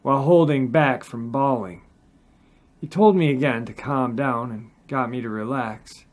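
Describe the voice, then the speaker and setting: Guy reading a creepy encounter story, mid-pitched voice, steady and earnest. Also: unhurried. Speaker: channel host reading encounter stories. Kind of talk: first-person story narration.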